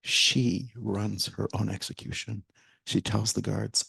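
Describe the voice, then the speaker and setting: A man's voice: fairly low pitch, level tone, takes it slowly, creaky, bright, forceful tone, breathy edge, no room sound. A man speaking as a guest at a public talk, animatedly retelling a story and acting out quoted lines, sometimes dropping almost to a whisper. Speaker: guest speaker, theater director. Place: library event hall with live audience.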